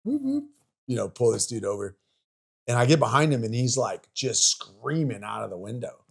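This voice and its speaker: A man's voice: mid-range voice, a little fast, gravelly, breathy edge. A man in his forties, a podcast guest and army veteran, telling stories in a rambling, profane way with lots of fillers and restarts. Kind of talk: casual storytelling chat.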